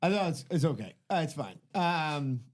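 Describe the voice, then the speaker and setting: A man's voice: on the high side, sing-song, moderate pace. Rambling, cursing podcast co-host man. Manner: rambling, profane anecdotes. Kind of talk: casual chat.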